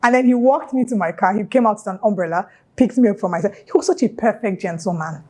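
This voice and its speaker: Lively Nigerian woman vlogger telling a story. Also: medium pitch, fast. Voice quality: animated, playful Nigerian Pidgin asides. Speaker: YouTuber. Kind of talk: casual storytelling vlog.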